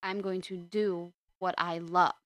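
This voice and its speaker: A young woman talks casually on her podcast, rambling and restarting her sentences as she goes. Her voice is smooth and clear, recorded close up in a dry room with no echo. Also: lowish voice, level tone, a little slow. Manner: chatty and rambling, with many restarts. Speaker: podcast host. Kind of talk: casual chat.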